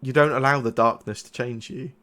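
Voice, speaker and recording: A soft-spoken, loving mother, put on by a man running the game. She speaks gently and with plain tenderness, in a voice of ordinary middle pitch. Her words are warm and quiet, like a goodnight at a bedside. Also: steady tone, brisk, a crowd in the background, close to an everyday voice. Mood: tender.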